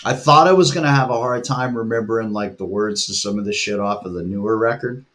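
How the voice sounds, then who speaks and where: A man's voice: lowish voice, quick pace, a bit bright. A middle-aged man, host and band musician, in rambling, profane casual chat with lots of filler and laughter.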